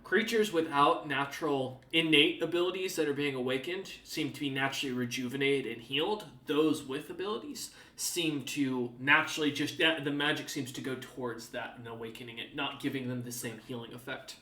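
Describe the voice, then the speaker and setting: A man's voice: mid-range voice, a little fast, hardly any pauses, sharp tone. A man narrating as the game master of a tabletop game, descriptive and full of fillers. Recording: echoey room, distant mic.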